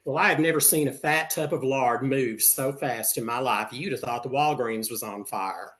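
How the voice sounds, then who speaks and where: A man's voice: medium pitch, moderate pace, few pauses, fairly bright tone. Older man, from Texas, stand-up comedian, campy, sassy delivery. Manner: sassy, campy punchlines with air kisses.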